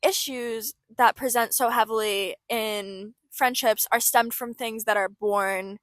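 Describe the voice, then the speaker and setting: A woman's voice: fairly high pitch, fairly even intonation, slow, fairly bright tone, no room sound. A young woman co-hosting a casual chat, reflective and full of "like" fillers. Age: young adult. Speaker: podcast co-host.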